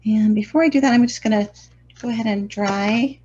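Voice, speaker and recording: A woman's voice: medium pitch, a little fast, mellow, husky, lo-fi sound. A woman hosting a live watercolor lesson, chatting casually with viewers and laughing often, sometimes trailing off and mumbling to herself as she works. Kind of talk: live-streamed painting lesson.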